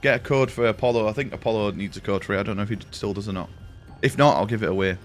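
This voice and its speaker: A man's voice: lowish voice, very fast, soft background music. Chatty, sweary British man streaming. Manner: chatty, sweary, addresses chat as boys and mate. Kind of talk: casual live-stream chat.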